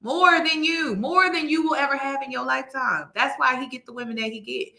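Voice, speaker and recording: A woman's voice: sits high, a little fast, gravelly, pushed and bright. Incredulous woman host in an echoey room. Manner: incredulous, mocking, emphatic. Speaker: commentary host. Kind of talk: reaction commentary.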